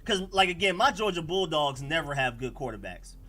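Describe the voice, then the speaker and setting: A man with an Atlanta accent hosts a casual sports livestream, answering the chat in an animated, slangy flow. His voice is forceful and sits a little high. Faint music plays behind him. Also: fairly quick. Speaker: livestream host.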